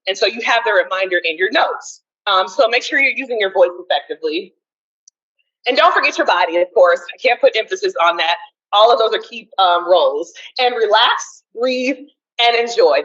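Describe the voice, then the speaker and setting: A woman giving a college seminar talk on communication, loud and energetic. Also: mid-range voice, a little fast, dull audio. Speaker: seminar presenter.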